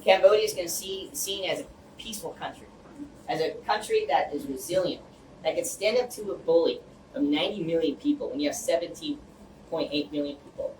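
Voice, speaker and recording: A man's voice: a little high, brisk. Earnest man giving a rambling speech. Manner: rambling and earnest, many fillers and restarts. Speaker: guest speaker. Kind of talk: impassioned speech to a community group. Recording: echoey room, far from mic, faint hum.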